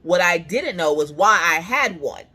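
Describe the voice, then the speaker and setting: A woman vlogging casually from her couch, telling a story with animated energy and acting out what people said. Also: lowish voice, measured pace, slightly rough. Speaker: crafting vlogger. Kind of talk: casual chat. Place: home, on a couch.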